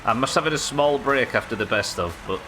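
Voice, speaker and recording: A man's voice: mid-range voice, animated, fairly quick, over music. A man chatting casually and joking while he plays a game on a live stream. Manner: chatty, joking, swears freely. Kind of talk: casual gameplay commentary.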